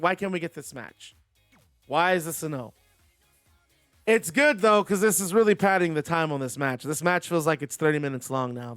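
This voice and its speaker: A man's voice: a little high, fairly bright tone, dry recording. A man streaming a wrestling video game, giving play-by-play commentary and chatting with viewers in between.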